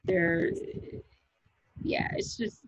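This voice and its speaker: A middle-aged woman from Kansas, a comedian, talking loudly and emphatically in a rambling podcast chat. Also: drawn-out words, no echo. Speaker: comedian guest. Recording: muffled lo-fi recording.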